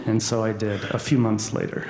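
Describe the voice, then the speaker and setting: Gravelly low-voiced man in echoey hall. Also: level tone, normal speed, crowd noise. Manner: earnest, self-deprecating. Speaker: assembly speaker. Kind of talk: personal testimony talk. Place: large hall.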